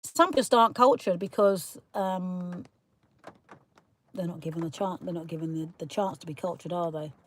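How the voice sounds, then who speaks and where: A woman's voice: fairly low pitch, normal speed, slight background noise. A woman from Kent, chatting casually with viewers on a live stream, teasing and laughing and calling them darling. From Kent, south of England. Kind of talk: casual live chat reading comments. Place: in a parked car.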